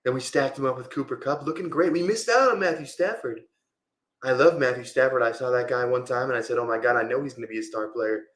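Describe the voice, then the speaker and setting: A man's voice: mid-range voice, quick pace, fairly bright tone, echoey room, close to an everyday voice. A man doing an impression of a brash, boastful older male politician, with an exaggerated bragging cadence full of superlatives.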